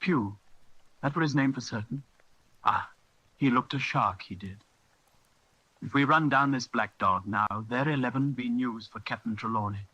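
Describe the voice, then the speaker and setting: A man's voice: medium pitch, normal speed, long pauses, bright, forceful tone, breathy edge, lo-fi sound. A man voicing a hearty, cunning one-legged pirate cook who talks in bluff, blustering sea-dog phrases. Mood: excited.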